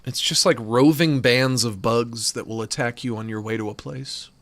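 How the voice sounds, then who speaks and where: A man giving casual, excitable commentary on a video game, swinging between delight and exasperation, with some swearing. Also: mid-range voice, normal speed. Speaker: gaming streamer.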